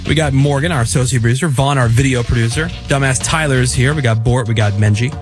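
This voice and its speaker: A man's voice: medium pitch, fast talker, music in the background. A man hosting a morning radio show, chatting loosely and often trailing off mid-thought.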